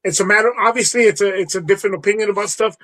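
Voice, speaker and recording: A man's voice: high voice, very fast, sharp tone, low-quality recording. A man co-hosting a casual movie podcast, stammering and restarting his sentences and laughing easily. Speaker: podcast co-host.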